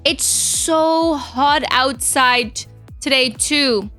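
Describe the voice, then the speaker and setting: A young woman vtuber streams live, chatting casually with her chat and giggling. Her voice sits high with a sharp tone, she speaks extremely slowly, and soft music plays in the background.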